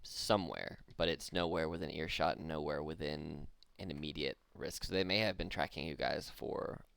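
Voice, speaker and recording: A man running a tabletop game as game master, describing scenes in a relaxed, loose way with frequent laughs. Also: very deep voice, normal speed, gravelly, clear, resonant tone, dry recording.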